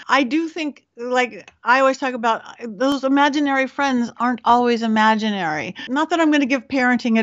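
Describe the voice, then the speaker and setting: Woman podcast host, psychic medium, animated, self-mocking, fairly high voice, dry slightly dull recording. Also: no room sound. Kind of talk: casual storytelling monologue.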